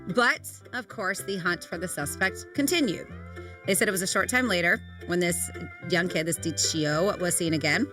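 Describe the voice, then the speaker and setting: A woman's voice: fairly low pitch, moderate pace, over music. A married woman co-hosting a radio show, chatting casually and reading odd news stories with offhand asides and laughs. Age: adult, married. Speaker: radio co-host. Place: radio studio.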